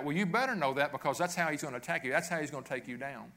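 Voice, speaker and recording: A man's voice: a little high, expressive, rapid-fire, a bit bright. A man preaching a sermon as pastor, earnest and repetitive, often restarting his phrases.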